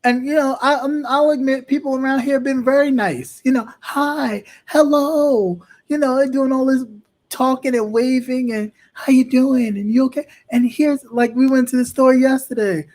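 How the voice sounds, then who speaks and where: Casting: male talk host, fairly high voice, passionate and emphatic. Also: fairly even intonation, moderate pace, darkish tone. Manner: impassioned, emphatic repetition. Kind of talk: political commentary talk.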